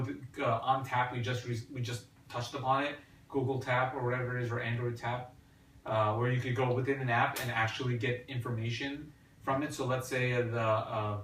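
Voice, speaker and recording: A man talks casually in an even, middle-pitched voice, filling his sentences with stops and restarts. He sits some way from the mic in an echoey room. A faint hiss runs under his voice. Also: far from the mic. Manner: hesitant, many fillers and restarts. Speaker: podcast host. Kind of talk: casual tech chat.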